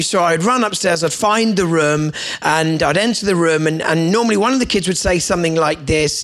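A man gives a sermon in church, his slightly high voice carrying a gravelly edge. He tells family stories with playful asides and light humour, and now and then does lively voices for his children. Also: moderate pace, few pauses. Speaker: guest pastor.

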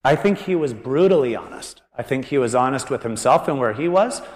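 A man preaching a conversational sermon as pastor, animated and joking as he thinks aloud. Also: medium pitch, brisk. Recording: long reverb of a large hall.

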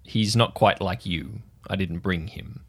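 A man voicing a calm, deep-voiced bird-man guardian. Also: husky, full character voice. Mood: solemn. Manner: measured, quiet, solemn.

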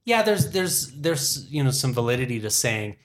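A man's voice: mid-range voice, very animated, moderate pace. A man in his forties, a film industry worker chatting as a podcast guest, rambling and thinking aloud with many restarts. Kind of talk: casual interview chat.

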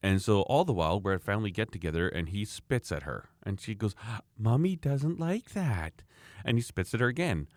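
A man's voice: lowish voice, expressive, fast talker, few pauses, dry recording, clean studio sound. A man from Canada talking casually about raising children, emphatic and rambling, often restarting his sentences. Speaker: parent sharing views. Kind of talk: casual opinionated chat.

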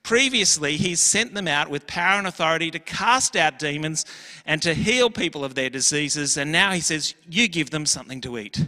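A man's voice: fairly high pitch, animated, normal speed, pushed and bright, in a large hall. A man preaching a sermon as pastor, earnest and emphatic, with little acted asides.

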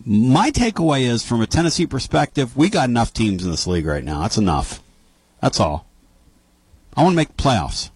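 Brief: male sports talk host, lively and swinging in pitch, emphatic and argumentative, dry studio sound. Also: normal speed, husky, dry recording. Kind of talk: call-in sports talk radio.

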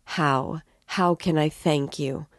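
A woman's voice: low voice, steady tone, slow, dry recording, studio quality. A woman reading as a timid, tearful mother. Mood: pleading. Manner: timid, pleading. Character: anxious tearful middle-aged mother.

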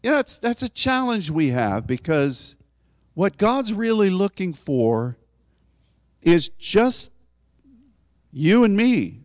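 A man preaching a conversational sermon, often rising in pitch for emphasis as he explains a scripture. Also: big pitch swings, takes it slowly, long pauses, no echo, studio quality.

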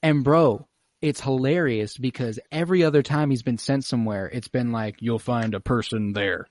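A man's voice: mid-range voice, normal speed, dry recording, clean studio sound. Laughing young guy recapping a show. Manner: animated storytelling, laughs often, swears. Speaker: podcast host recapping an episode. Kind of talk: casual chat.

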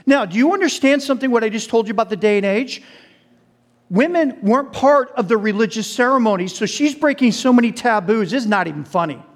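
A pastor preaches a sermon, telling the story animatedly, acting out quoted voices, and addressing the congregation directly. His voice is very high and fairly quick.

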